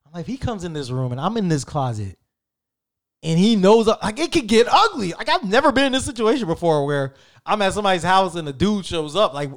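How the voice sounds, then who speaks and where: A man in his thirties tells a story in a relaxed, slangy way, with plenty of swearing. His voice sits a little high for a man, and his pitch jumps around a lot as he gets into the tale. He sounds casual and animated throughout. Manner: animated, profane, slangy and conversational.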